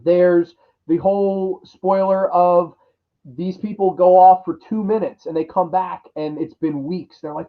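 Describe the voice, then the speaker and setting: Through dull lo-fi audio, a man with a high voice and fairly even intonation delivers a profane, exasperated rant about a horror film at a measured pace. He mocks its characters by putting on voices.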